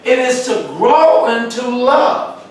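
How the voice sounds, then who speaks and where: A man's voice: extremely high pitch, takes it slowly. A man leading a church Bible study who quizzes the group and answers them with emphatic calls. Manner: asks questions for the group to answer, sudden emphatic outbursts. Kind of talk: call-and-response Bible study teaching. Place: church room. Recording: echoey church room from far off, faint noise.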